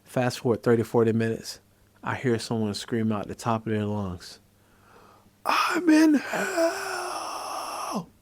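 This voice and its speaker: A man's voice: lowish voice, moderate pace, dry recording. A man, a psychiatrist, explaining a treatment in casual conversational talk and telling stories from his practice. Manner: conversational, storytelling, animated when acting out scenes. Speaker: psychiatrist host.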